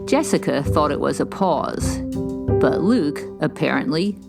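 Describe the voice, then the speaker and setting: A woman host with a low voice reads scripted narration in a measured, even way. Loud music plays under her. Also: gravelly.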